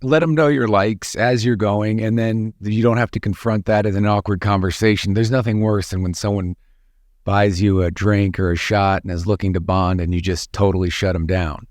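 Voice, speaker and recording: A middle-aged man, an actor, casually telling an anecdote in an animated way, building it with repeated phrases and rising high when he quotes himself. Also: normal speed, no room sound, studio quality. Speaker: podcast co-host, actor. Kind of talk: casual storytelling chat.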